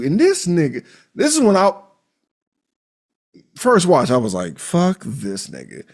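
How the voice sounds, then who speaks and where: Husky, animated man recapping a movie. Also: unhurried, long pauses. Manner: animated, profane, acts out characters' lines with big pitch jumps. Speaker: podcast co-host. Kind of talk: casual movie recap chat.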